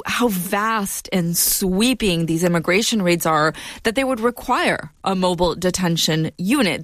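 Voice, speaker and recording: A woman correspondent explaining news in a radio interview, in a clear, explanatory way. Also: fairly low pitch, fairly bright tone, no echo, studio quality. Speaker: immigration correspondent.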